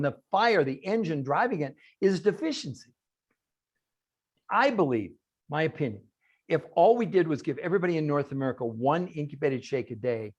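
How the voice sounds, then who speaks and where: A slightly high, breathy-edged male voice gives an emphatic, animated talk as a guest on a group video call, asking rhetorical questions and supplying the answers himself.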